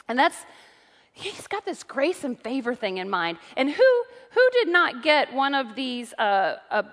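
A middle-aged woman pastor delivering an animated sermon, telling stories between points. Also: sits high. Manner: animated preaching with storytelling asides. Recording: long hall reverb.

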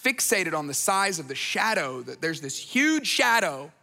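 A man's voice: a little high, sing-song, a little slow, creaky, pushed and bright, in a large hall. A man preaching a conversational sermon, earnest, repeating phrases for emphasis and adding storytelling asides. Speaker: pastor.

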